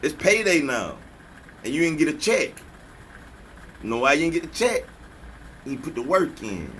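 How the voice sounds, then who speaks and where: A man's voice: fairly high pitch, big pitch swings, moderate pace, fairly bright tone, a little hiss or hum. A man delivering a preachy motivational rant as a spiritual vlogger, scolding and taunting his listeners with repeated slogans. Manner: repeats slogans, mocking laughter.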